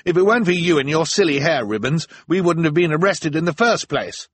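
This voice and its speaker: A man voicing an exasperated teenage girl in an audiobook, speaking high and strained. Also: expressive, measured pace, slightly rough, no echo. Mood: angry. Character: exasperated teenage girl, sharp-tongued inventor. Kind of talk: audiobook narration.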